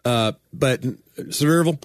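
A man's voice: medium pitch, moderate pace, no echo, clean studio sound. A man from Knoxville, Tennessee with a toned-down East Tennessee Southern accent, co-hosting a podcast in casual, joking banter and acting out quoted voices. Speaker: podcast co-host.

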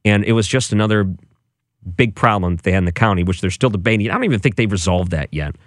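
A man's voice: lowish voice, lively intonation, no room sound, studio quality. A man hosting a late-night call-in radio talk show, conversational and opinionated. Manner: conversational, opinionated, quick to laugh.

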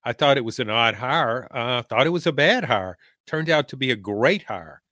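A man with a Southern US drawl, speaking slowly and deliberately in a casual sports podcast chat. His voice is bright and forceful. The sound is dry and close, with no room echo. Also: medium pitch, expressive. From American South. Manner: slow, measured drawl. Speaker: podcast co-host, football analyst.

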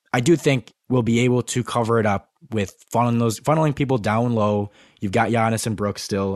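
A young man co-hosting a sports podcast, talking fast with lots of restarts and stumbles. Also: fairly low pitch, dry recording, studio quality. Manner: stumbling restarts, breathless disbelief. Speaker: podcast co-host. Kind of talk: excited sports podcast chat.

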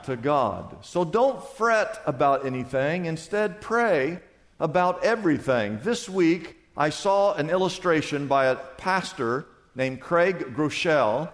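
A man preaches a sermon to his congregation, emphatic and asking them questions as he goes. His voice sits high for a man. The sound carries the long reverb of a large church sanctuary. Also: expressive, slow pace. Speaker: pastor. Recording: live church hall reverb.

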